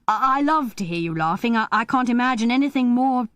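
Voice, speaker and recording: A nervous young man from a storybook, read by a woman, stumbling and stammering over his words. His speech comes halting and hesitant. It is recorded close and dry. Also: fairly low pitch, animated, no echo, close to an everyday voice.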